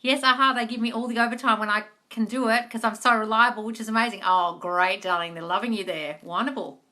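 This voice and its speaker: A woman's voice: a little high, steady tone, quick pace, pushed and bright. A woman hosting a live question-and-answer stream, chatting casually, reading out comments and calling viewers darling. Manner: chatty, calls everyone darling. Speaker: manifesting coach hosting a live Q&A.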